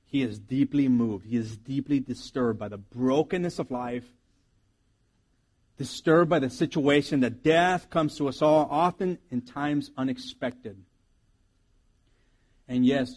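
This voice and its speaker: A man's voice: medium pitch, a little mellow. A man preaching a sermon as pastor, earnest and reflective, often restarting his sentences.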